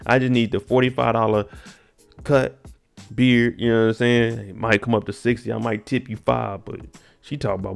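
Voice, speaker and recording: A man's voice: mid-range voice, flat delivery, normal speed, creaky, clean tone, soft background music. A man casually recapping a TV episode, with laid-back, joking slang. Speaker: TV recap host.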